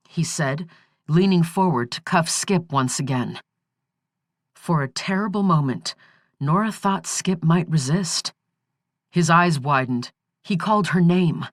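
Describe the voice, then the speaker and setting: A woman narrating an audiobook thriller in a slow, measured, steady reading. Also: sits low, dry recording, clean studio sound.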